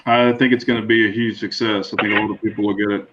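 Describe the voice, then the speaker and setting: A man's voice: on the low side, flat delivery, quick pace, a bit bright. A man chiming in on a casual online chat with short agreeable replies. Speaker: guest. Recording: dull lo-fi audio.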